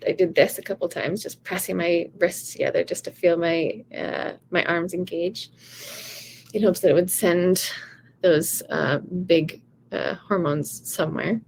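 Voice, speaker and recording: A woman's voice: lowish voice, vocal fry, a little mellow, slight background noise. A woman vocal coach giving casual, encouraging advice in a chatty way, often saying "you know" and "right".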